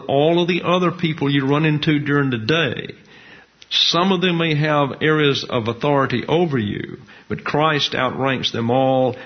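A man, preaching a sermon in a measured, folksy teaching manner with colloquial asides. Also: mid-range voice. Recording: dull lo-fi recording.

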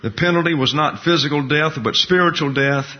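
A man teaching a Bible class at a board, slowly spelling out Hebrew words and letters. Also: fairly high pitch, highs cut off.

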